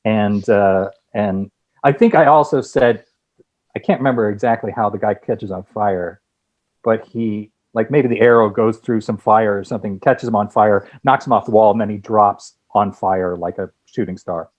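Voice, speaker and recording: A man who is a guest screenwriter and director, telling lively anecdotes with many restarts in a casual interview. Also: fairly low pitch, normal speed, lo-fi sound.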